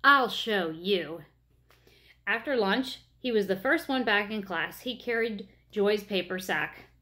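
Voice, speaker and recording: Gently and expressively, a woman with a mid-range voice reads a children's story aloud, going a little slow.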